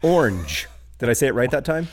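Wry middle-aged Midwestern podcast co-host. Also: male voice, mid-range voice, lively intonation, a little fast. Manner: wry, joking, trailing restarts. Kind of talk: casual comedic chat.

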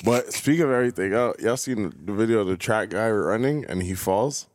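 A man co-hosting a podcast in casual banter, animated, laughing often and swearing freely. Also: fairly low pitch, brisk. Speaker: podcast co-host.

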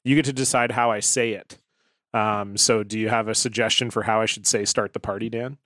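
A man's voice: on the low side, fairly even intonation, brisk, fairly bright tone, no echo, studio quality. A man hosting a podcast, joking around in loose, playful banter with his co-host and guest. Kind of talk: casual chat.

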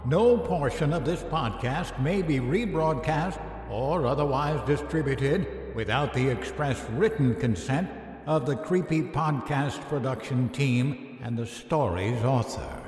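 A man's voice: medium pitch, unhurried, darkish tone. A man announcing a podcast's closing notes and licensing terms in a formal, read-out manner. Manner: formal, reads legal notices. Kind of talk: scripted outro announcement. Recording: roomy with long reverb and faint music.

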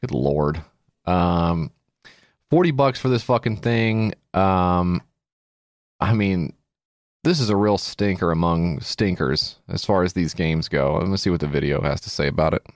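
Male podcast cohost, very low voice, dry close sound, sarcastic and crude. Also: a little slow, no echo. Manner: sarcastic, crude, reviewing a party game. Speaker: podcast co-host. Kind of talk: comedy podcast chat.

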